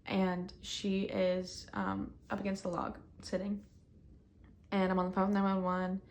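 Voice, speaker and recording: A woman recounting a personal ordeal in casual first-person storytelling, talking in quick bursts full of fillers, recorded outdoors. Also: mid-range voice, completely flat delivery, a little mellow, slight background noise.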